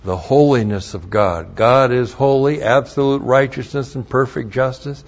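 A man's voice: mid-range voice, normal speed, vocal fry. A man teaching the Bible verse by verse, spelling out words letter by letter and repeating his points for emphasis. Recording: dull lo-fi recording.

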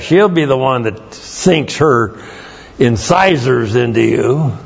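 Slow-talking man teaching Hebrew words. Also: mid-range voice, lively intonation, vocal fry, slightly rough. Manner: slow, spells out words letter by letter. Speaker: Bible teacher. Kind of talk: verse-by-verse Hebrew word study. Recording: dull lo-fi recording.

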